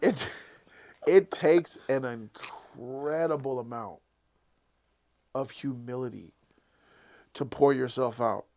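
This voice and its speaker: A man hosting a casual live after-show, excitedly retelling an episode and acting out the characters' lines. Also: mid-range voice, takes it slowly, long pauses. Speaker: show host.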